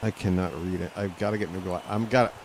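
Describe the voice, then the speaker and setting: A man streaming live gameplay from a lounge chair at home, talking to the game and reacting loudly as he plays. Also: low-pitched, steady tone, fast, slight background noise. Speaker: gaming streamer.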